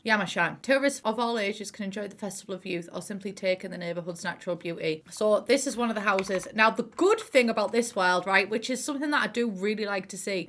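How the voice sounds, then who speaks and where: Young woman with a Teesside accent, mid-pitched, casual and frank, swears a lot and uses pet names for viewers. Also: a bit bright. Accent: Teesside English. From Middlesbrough, England. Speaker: YouTuber reviewing a game expansion. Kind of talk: casual chatty video review.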